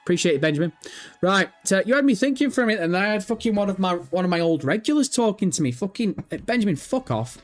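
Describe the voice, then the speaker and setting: A man hosting a gaming livestream, chatting casually with viewers, sweary and jokey, mocking and animated. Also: high voice, rapid-fire, faint music behind. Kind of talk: casual livestream chat reading viewer comments.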